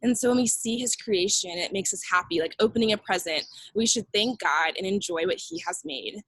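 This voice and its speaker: A woman's voice: mid-range voice, brisk, fairly bright tone, dry recording, rough recording. A young woman teaching a children's church lesson, upbeat and simple, repeating phrases for kids to copy.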